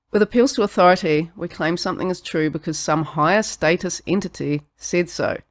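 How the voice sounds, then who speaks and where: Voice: mid-range voice, moderate pace. Sardonic New Zealand podcast host. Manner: sardonic, swearing, laughs at own jokes. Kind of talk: scripted philosophy monologue.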